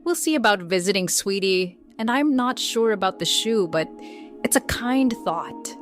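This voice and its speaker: A kind, steady mother who heals small creatures, soothing everyone around her, as a woman reading a bedtime story puts her on. She talks softly and patiently, in a middle-pitched voice, with faint music under her. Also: normal speed, close to an everyday voice. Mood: gently amused. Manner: soft, reassuring, patient.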